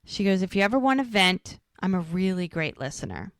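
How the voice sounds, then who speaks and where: A woman's voice: mid-range voice, very animated, dry recording. Woman, podcast co-host, casual recap, acts out quotes, dry close sound. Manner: retells scenes, acting out the lines in quick quotes.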